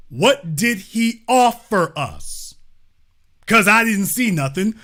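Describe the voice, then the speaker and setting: A man delivers a political commentary monologue in a high, lively voice that swings widely in pitch. His tone is bright and forceful, and he hammers his points home with mocking repetition. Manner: emphatic, mocking, repeats lines for effect. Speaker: host of a commentary show.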